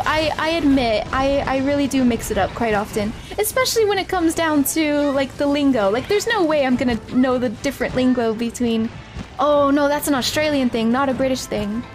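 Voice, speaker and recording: A woman streamer chatting casually with her viewers while she plays a game, giggling often and sounding a little stuffy-nosed. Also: sits high. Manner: giggly, answers chat between game moments. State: stuffy nose. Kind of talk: casual live-stream chat while playing. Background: game music.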